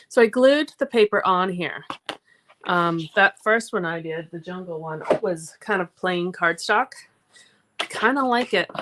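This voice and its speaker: A woman's voice: on the low side, background noise. A woman from Massachusetts hosting a card-making livestream, chatting casually as she works and reads out viewer comments. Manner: chatty, talks through her crafting steps and reads out viewer comments. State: out of breath. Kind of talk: casual craft livestream chat.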